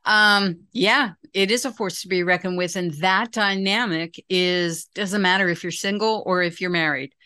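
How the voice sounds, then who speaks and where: A bright, forceful-sounding woman in her sixties talks earnestly as an interview guest. Her delivery is emphatic and encouraging, leaning on conviction. She sounds sure of every point. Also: fairly low pitch, fairly even intonation, moderate pace, hardly any pauses, clean tone, dry recording, studio quality. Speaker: parenting guest. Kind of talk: conversational interview.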